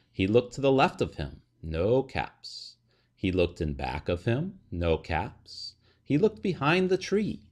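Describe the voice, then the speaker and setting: A man reading a children's picture book aloud in an expressive, sing-song way. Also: medium pitch. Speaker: storybook reader.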